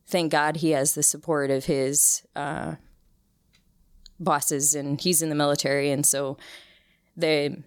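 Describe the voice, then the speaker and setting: A woman's voice: low voice, dry recording, studio quality. A woman in her thirties, an interview guest, telling a personal story in an earnest, emotional way with frequent restarts. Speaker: interview guest, cancer survivor. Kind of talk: casual conversational interview.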